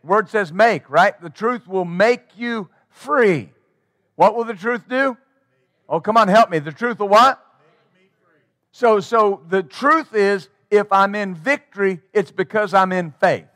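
A man's voice: sits high, lively intonation, slow pace, a bit bright, no room sound, clean studio sound. A man preaching a sermon as pastor, emphatic and rhythmic, drawing call-and-response from his congregation.

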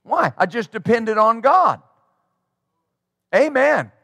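A man's voice: sits high, lively intonation, measured pace, fairly bright tone, no echo. A man preaching a sermon as pastor, emphatic and rhythmic, drawing call-and-response from his congregation.

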